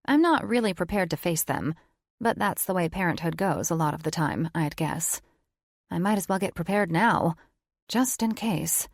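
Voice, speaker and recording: A woman's voice: fairly low pitch, expressive, normal speed, no echo, clean studio sound. A woman narrating a first-person romance audiobook in a wry, conversational tone. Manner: wry, conversational inner monologue.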